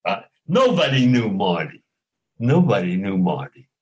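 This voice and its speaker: An older man, an actor telling lively anecdotes in an interview, chuckling and acting out the dialogue. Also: on the low side, a little slow, husky, poor audio. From Brooklyn, New York. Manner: animated, acts out dialogue, chuckles often.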